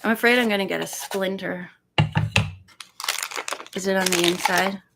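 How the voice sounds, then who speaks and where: A woman's voice: mid-range voice, fairly even intonation, moderate pace, gravelly, heavy background noise. A woman hosting a casual live stream, chatting in a rambling way and counting pages aloud. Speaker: live-stream host reading a book.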